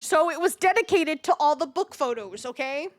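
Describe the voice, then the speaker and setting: A young woman streaming live, chatting casually in a rambling, excitable way, swearing freely and repeating herself. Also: sits high, moderate pace.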